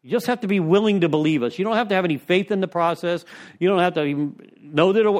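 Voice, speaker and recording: A man's voice: high voice, fast talker, darkish tone. A man leading a recovery step study, telling rambling conversational stories to a group in a meeting room. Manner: rambling, conversational storytelling with frequent "you know". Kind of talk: informal recovery talk to a group.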